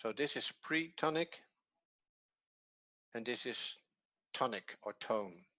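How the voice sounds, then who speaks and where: A Hebrew teacher whose first language is Dutch, and who has a Dutch accent, gives an online lesson patiently, step by step, with repetition. His mid-range voice is animated, pushed and bright, and he takes it slowly.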